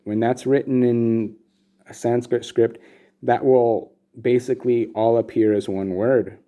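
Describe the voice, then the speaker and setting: A man explaining Sanskrit script and meter as a teacher, relaxed and casual, with many pauses and fillers. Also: medium pitch. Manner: relaxed, many ums and restarts. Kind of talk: explanatory lesson with slides.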